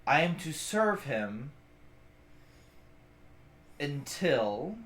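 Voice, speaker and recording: A man voicing a male orc hireling who speaks in stiff, measured, formal phrases. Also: fairly high pitch, big pitch swings, fairly bright tone, heavily acted. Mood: guarded.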